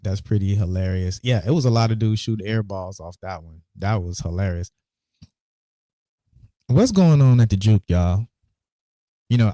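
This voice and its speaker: A man's voice: fairly low pitch, warm tone, dry recording, clean studio sound. A man hosting a casual sports podcast, laid back, repeating words and restarting often. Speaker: podcast host.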